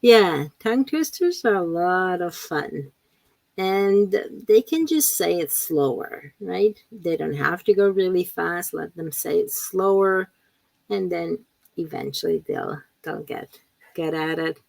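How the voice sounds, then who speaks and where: A woman teacher trainer giving a relaxed live webinar talk, often repeating words and reading chat questions aloud. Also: on the low side, slow, gravelly, dry recording, low-quality recording. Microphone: computer mic on a video call.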